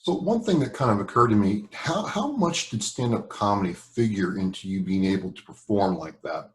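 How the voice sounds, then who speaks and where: A man's voice: on the low side, lively intonation, moderate pace. A man hosting an interview show, asking long questions and reacting with short exclamations. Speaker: podcast host. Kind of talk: casual interview.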